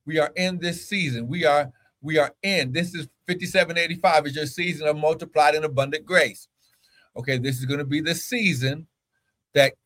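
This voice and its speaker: Fervent preacher man, repeating lines. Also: on the high side. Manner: fervent, repeats phrases, calls out to listeners. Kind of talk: sermon. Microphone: own camera.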